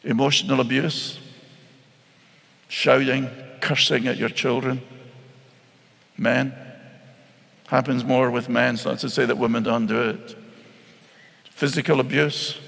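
Earnest preacher in a reverberant hall. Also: male voice, mid-range voice, fairly even intonation, unhurried, vocal fry, long pauses, a bit bright, slightly rough. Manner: earnest, pleading, repeats words when stressing a point. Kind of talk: sermon.

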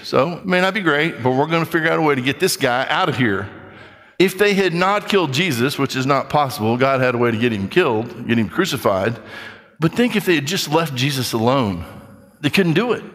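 A man preaching a sermon, reading scripture and acting out skeptics in quick, animated asides. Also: a little high, long reverb tail. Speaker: pastor.

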